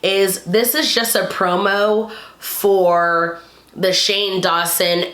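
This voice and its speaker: Chatty bright-voiced woman in an echoey room. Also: mid-range voice, fairly even intonation, slow pace. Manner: chatty, frequent "like", exasperated asides. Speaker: YouTube commentator. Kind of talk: casual recap commentary.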